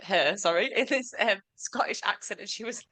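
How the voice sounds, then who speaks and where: A woman co-hosting a podcast, telling stories in a chatty, animated way. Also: mid-range voice, moderate pace. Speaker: podcast co-host. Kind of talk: casual chat.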